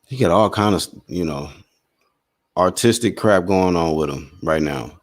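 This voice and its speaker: In a low-pitched voice, a little on the slow side, a man does informal live boxing commentary on stream. He calls the punches in an excitable, slang-filled way while addressing his viewers.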